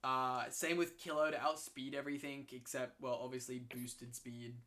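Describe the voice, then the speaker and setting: A man in casual game commentary, excitable and swearing freely, often restarting his sentences. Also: medium pitch, normal speed. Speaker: co-host commentating league matches.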